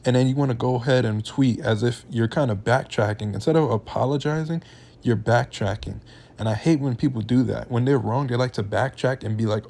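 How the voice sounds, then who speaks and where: A man's voice: medium pitch, brisk, gravelly, warm tone. A young man hosting a reaction channel, ranting in heated, slangy casual commentary.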